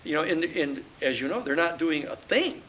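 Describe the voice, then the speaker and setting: A man in his sixties, a lawyer and author telling stories at a book talk, animated, acting out the dialogue he quotes. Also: on the high side, normal speed, slight background noise, low-quality recording. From United States. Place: live audience talk at a campus venue.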